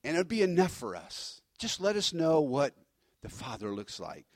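A male pastor delivers a sermon in a somewhat high voice. He preaches emphatically, pushing his points with energy and often restarting phrases. The sound is dry and close, with little room around it. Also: big pitch swings, normal speed, a little mellow, no room sound.

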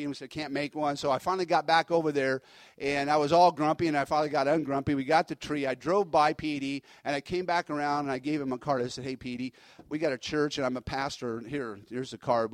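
A man's voice: on the high side, dry recording. Emphatic man preaching a sermon. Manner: emphatic, animated preaching with restarts. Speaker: pastor.

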